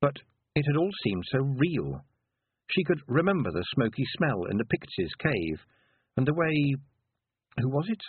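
A man reading a novel aloud as an audiobook narrator, with expressive storytelling and dramatic pauses. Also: mid-range voice, breathy edge, no room sound. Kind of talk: scripted narration. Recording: tinny, phone-like narrow sound.

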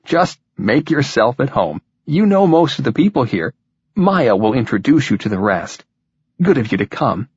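A man voicing a busy, cheerful male party host who greets guests in a hurried, offhand way. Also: medium pitch, sing-song, a little mellow, breathy edge, no room sound, muffled recording, pitched above the performer's own voice. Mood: breezy.

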